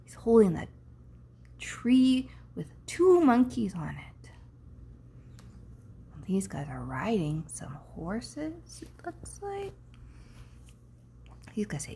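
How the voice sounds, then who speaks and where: A woman reading a picture book aloud, playful and expressive, dropping to hushes for effect. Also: mid-range voice, slow pace, creaky, long pauses, breathy edge. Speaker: storybook reader.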